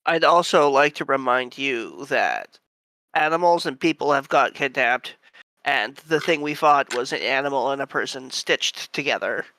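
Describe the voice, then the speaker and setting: A man's voice: mid-range voice, expressive, moderate pace, sharp tone, dry recording, low-quality recording. A man playing a tabletop game, chiming in with dry, matter-of-fact quips. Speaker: player.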